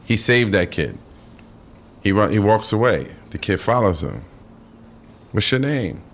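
A man, an actor and podcast guest, telling an animated story full of swearing and acted-out voices. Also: lowish voice, moderate pace. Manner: vivid, profane, acts out the characters.

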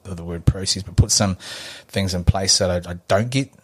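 A man's voice: sits low, a little fast, a bit bright, breathy edge. A New Zealand man in his forties, a podcast guest telling a story in a laid-back, rambling way with lots of fillers. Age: 40s. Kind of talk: casual storytelling chat.

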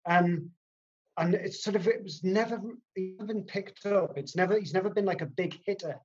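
A crime writer with a husky voice that sits high chats on a podcast at normal speed. His talk is casual, hesitant and rambling, full of fillers, and the recording has a dull lo-fi sound.

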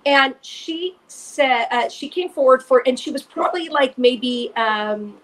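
A woman co-hosting a faith podcast, telling an animated personal story and repeating phrases for emphasis. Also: high-pitched, unhurried. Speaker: podcast co-host. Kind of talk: casual chat, storytelling testimony.

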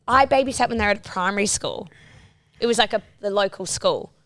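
Aussie woman late 20s, bright punchy voice, sweary animated storytelling, acts out the quotes, dry close mic. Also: medium pitch, fast talker, dry recording. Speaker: podcast co-host. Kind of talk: casual storytelling chat.

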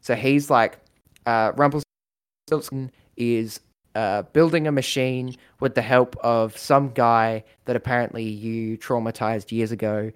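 A man in casual chat, rambling through a story idea with lots of fillers and quick acted-out lines. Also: medium pitch, steady tone, clean tone.

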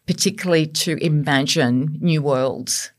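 Woman guest speaking haltingly. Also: sits low. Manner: halting, repeats words when listing. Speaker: panel guest. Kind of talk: podcast panel discussion.

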